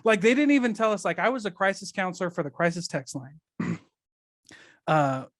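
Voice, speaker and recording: A man's voice: sits high, very animated, normal speed, no echo, studio quality. A man chatting casually as a podcast guest, rambling and leaning on fillers as he talks. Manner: rambling, filler-heavy, laughs often. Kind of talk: casual conversational chat.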